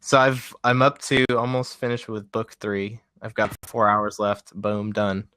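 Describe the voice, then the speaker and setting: A man's voice: lowish voice, little pitch movement, a little slow, bright, forceful tone, smooth, no echo, clean studio sound. A man co-hosting a podcast in casual chat, laid-back and self-deprecating, often laughing. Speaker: podcast co-host.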